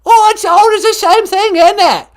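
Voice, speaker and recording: A man voicing a scolding elderly royal grandmother in a put-on English accent, with a loud falsetto. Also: normal speed.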